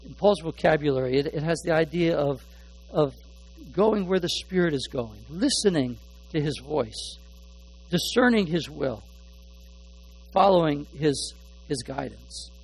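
An expressive pastor preaches in a high, light voice, faltering and repeating small words as he searches for phrases. He leans heavily on single words, then drops to a near murmur, and the sermon comes through in a low-quality recording.

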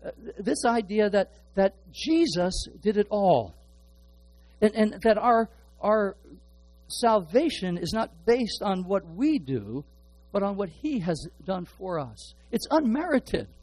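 A man's voice: high voice, very animated, slow, a little mellow, rough recording. A middle-aged man preaching a sermon, earnest, often repeating and restarting his words. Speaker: pastor.

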